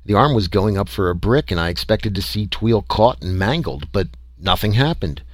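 Low-voiced man reading a story. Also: lively intonation, normal speed, no echo. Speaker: audiobook reader. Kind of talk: first-person story narration.

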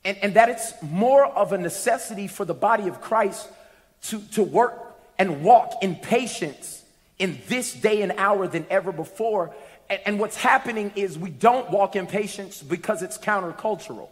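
Guy preaching in a church, high voice, jokes around then gets loud, lots of hall echo. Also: normal speed. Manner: lively preaching with humor, building to shouts. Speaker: pastor. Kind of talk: sermon. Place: church sanctuary with congregation. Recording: long reverb of a large hall.

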